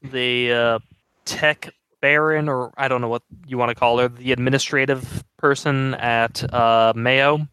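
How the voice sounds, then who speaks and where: A man playing a tabletop role-playing game, speaking in a hurried, flustered way. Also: medium pitch, steady tone, pushed and bright, clean tone, dry recording. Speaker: player. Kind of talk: tabletop play.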